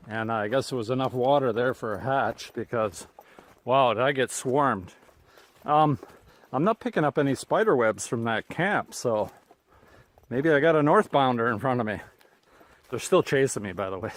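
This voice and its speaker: Chatty Canadian man hiking outdoors. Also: mid-range voice. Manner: chatty, chuckles often. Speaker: hiker vlogger. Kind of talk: casual vlog narration. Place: outdoors on a lakeside trail. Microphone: handheld camera.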